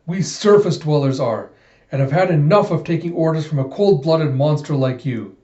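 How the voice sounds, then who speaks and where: A man's voice: on the high side, moderate pace, warm tone, roomy sound, dull audio, close to an everyday voice. A man doing a defiant young cyborg girl. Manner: defiant, impassioned. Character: stubborn young female cyborg fighter.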